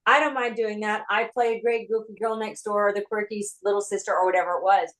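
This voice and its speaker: A woman screenwriter and former actress telling her story in an interview, talking in a chatty, animated way from her home office over a video call. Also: medium pitch, fast, rough recording.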